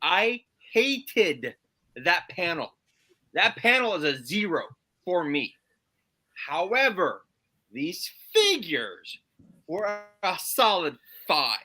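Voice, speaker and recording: A man in casual podcast chat, animated and emphatic, giving playful rants. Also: sits high, slow.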